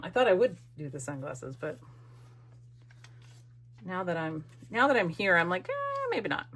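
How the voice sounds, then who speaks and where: A woman's voice: on the low side, a bit bright. A middle-aged woman hosting a craft video, chatting playfully and teasing herself as she works. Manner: chatty, self-mocking, playful. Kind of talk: casual crafting narration.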